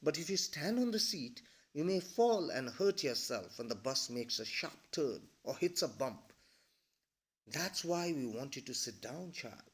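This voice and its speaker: A man's voice: fairly high pitch, very animated, a little slow. A man voicing a jolly male bus conductor who teases a little girl in mock-polite tones. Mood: teasing. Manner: playful, mock-polite teasing.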